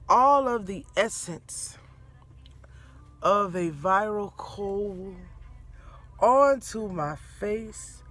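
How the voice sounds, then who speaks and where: A middle-aged grandmother telling a family story to her viewers, animated and laughing as she goes. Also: mid-range voice. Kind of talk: casual storytelling to camera.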